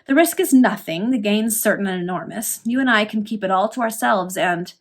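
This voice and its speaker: A woman voicing a pompous, ruined Victorian gentleman who flatters and schemes in an ingratiating, overly familiar way. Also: medium pitch, a little fast.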